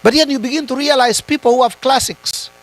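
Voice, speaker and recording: A man giving a high-voiced motivational talk. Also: a little fast, faint music behind, poor audio. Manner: switches between English and Swahili, asks the audience rhetorical questions. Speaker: retreat speaker.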